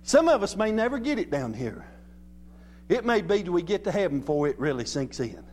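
A man preaching an exuberant church sermon, swinging between loud shouts and quiet, soft passages. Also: high-pitched, sing-song, a little fast. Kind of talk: Pentecostal-style sermon.

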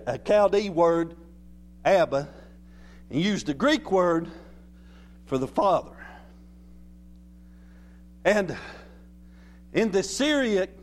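A man preaching an exuberant church sermon, swinging between loud shouts and quiet, soft passages. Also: sits high. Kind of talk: Pentecostal-style sermon.

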